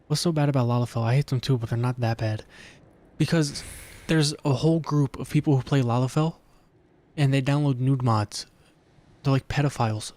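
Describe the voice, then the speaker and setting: A man's voice: medium pitch, normal speed, a little mellow. A man streaming a game, talking in a casual, crude, joking way. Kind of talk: casual gameplay commentary.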